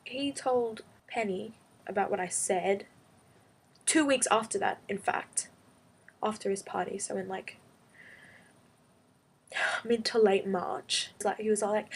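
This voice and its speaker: Young woman venting about school drama, kinda husky, mid pitch, fired up and exasperated. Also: normal speed, pauses often. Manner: exasperated, animated retelling with quoted back-and-forth. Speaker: vlogger; high school student. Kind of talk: casual storytelling rant.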